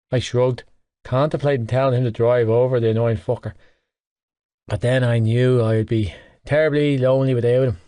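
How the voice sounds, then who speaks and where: A man reads a first-person novel in a wry, even storytelling manner. His voice sits at an ordinary middle pitch for a man, and the recording is dry and close. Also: normal speed, no echo. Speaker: audiobook narrator.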